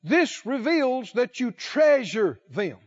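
Preaching to his congregation, this man speaks in a very high-pitched voice with big swings in pitch. He goes slowly and emphatically, drawing out important words and asking the listeners questions, though the audio is dull.

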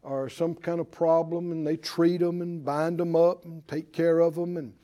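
A man preaching a sermon, repeating declarations emphatically and calling on listeners to say them back, sometimes dropping to a quieter conversational telling. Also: a little high, level tone, normal speed. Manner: calls for responses from listeners.

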